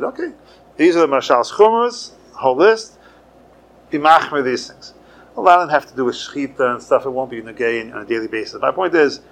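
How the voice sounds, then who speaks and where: Gravelly-voiced rabbi teaching a class. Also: male voice, mid-range voice. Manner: conversational teaching, lively with sudden emphasis. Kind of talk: Torah lecture.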